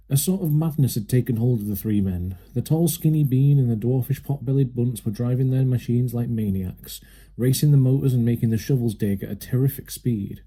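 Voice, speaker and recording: A man narrating a children's storybook aloud with a steady, lively manner. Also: medium pitch, brisk, husky. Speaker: reader.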